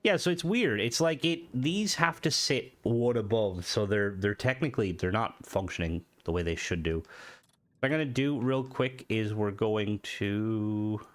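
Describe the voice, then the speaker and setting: At a measured pace, a man with a lowish, expressive voice comments casually on a game for his video. Hay fever makes him sound nasal and stuffy, and he rambles, thinking aloud and starting over mid-thought.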